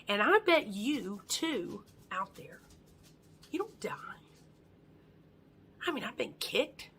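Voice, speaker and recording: A woman's voice: medium pitch, very animated, slow, long pauses, sharp tone, breathy edge. A woman giving an earnest motivational monologue, often dropping her voice to a near-whisper. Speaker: motivational speaker.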